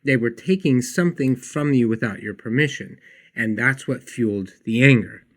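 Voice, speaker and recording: A man hosting a podcast, telling a story in an earnest, animated way before teaching a lesson. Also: medium pitch, normal speed. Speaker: podcast host and counselor. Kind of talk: storytelling then teaching monologue.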